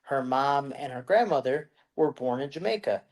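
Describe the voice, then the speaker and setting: A man co-hosting a casual podcast, telling animated stories full of "like" and casual swearing. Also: mid-range voice, normal speed. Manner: animated storyteller, swearing, heavy use of "like". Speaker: podcast co-host. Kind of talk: casual chat.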